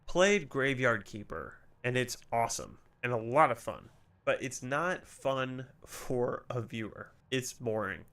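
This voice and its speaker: A man's voice: medium pitch, a bit bright. A man streaming from home, talking in a sarcastic, rambling way and swearing freely. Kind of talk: casual stream chat.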